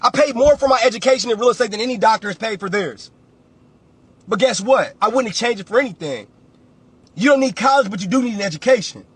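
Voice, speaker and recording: Man, very high husky voice, blunt and preachy, repeats himself, motivational livestream. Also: lively intonation, a little fast, fairly bright tone. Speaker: real estate investor and coach.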